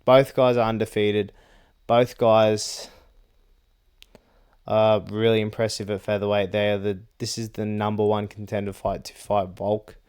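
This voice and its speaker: A man's voice: lowish voice, flat delivery, unhurried, darkish tone, clear, resonant tone. A young man giving casual MMA fight predictions in a blunt, rambling rant full of swearing and "like" and "bro".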